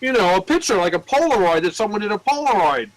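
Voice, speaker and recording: A man working in a record store, telling cursing, animated stories in casual chat. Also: sits high, quick pace, dry recording, rough recording. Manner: profane, animated storyteller.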